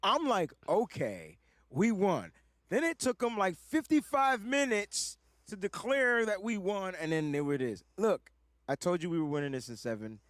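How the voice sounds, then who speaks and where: Animated man, lively sports banter. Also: high-pitched, normal speed, dry recording, studio quality. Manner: animated, swearing and boastful about predictions. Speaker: sports podcast co-host. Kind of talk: casual sports chat.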